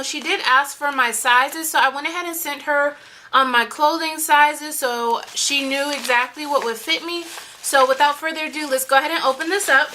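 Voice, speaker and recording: A young woman vlogger chatting excitedly through an unboxing, gushing with lots of "you guys" and "like". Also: high voice, noisy background. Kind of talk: unboxing vlog chat.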